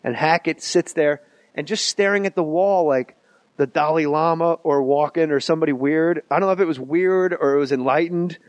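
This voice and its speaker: A man with a slightly high voice hosts a casual comedy podcast, spinning loose, profane stories full of asides. His voice sits dry and close, with no room sound around it. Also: dry recording. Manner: profane, rambling storyteller with quick asides. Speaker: podcast host.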